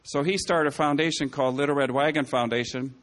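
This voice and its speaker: Male speaker, mid-pitched, telling stories to a crowd, loose and digressive, correcting himself, dry wit. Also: steady tone, fairly quick, fairly bright tone. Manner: rambling, frequent self-corrections and asides. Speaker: public speaker. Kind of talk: anecdotal speech to an audience.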